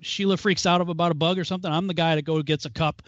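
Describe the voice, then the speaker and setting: A man with a fairly high voice co-hosts a casual Bible study talk. He tells stories in an animated way and breaks into small chuckles. The recording is dry and a little dull, like a lo-fi call. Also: fast talker, dry recording. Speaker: co-host.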